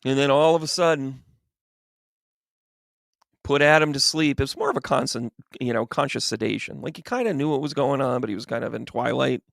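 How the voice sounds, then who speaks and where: A man's voice: medium pitch, brisk, creaky, fairly bright tone, no room sound, studio quality. A man, a spiritual medium, telling a comic, irreverent retelling with rambling restarts. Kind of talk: comic storytelling talk.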